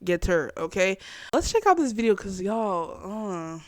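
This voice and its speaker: Animated young woman hosting a chat show. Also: medium pitch, measured pace, heavy background noise. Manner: animated, laughing, slangy. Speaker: podcast host. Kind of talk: casual reaction commentary.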